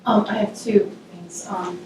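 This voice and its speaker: A woman's voice: medium pitch, steady tone, a little slow, warm tone, slight background noise. A woman in the audience asking polite, hesitant questions at a seminar. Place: seminar room, audience seating. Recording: very echoey, from far off the mic, with ambience.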